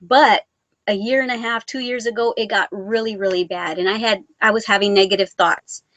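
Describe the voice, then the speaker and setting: A woman's voice: mid-range voice, fairly even intonation, fairly quick, a bit bright, rough recording. A woman of Mexican origin hosting a casual live vlog, reading out viewer comments in a rambling, sentimental, self-deprecating way. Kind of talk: casual live-stream chat.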